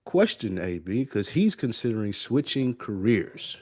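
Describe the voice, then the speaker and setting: A man with a fairly low voice, co-hosting a podcast in a relaxed, easygoing way and moving the talk from topic to topic. He is recorded dry on a close studio mic. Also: a little slow, dry recording. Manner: laid-back, steers the topics. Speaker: podcast co-host. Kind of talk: casual chat.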